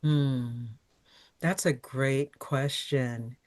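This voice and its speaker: A middle-aged woman speaking as a guest on a podcast interview, thoughtful and measured. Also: very deep voice, steady tone, a little mellow. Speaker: podcast guest, healer and psychotherapist.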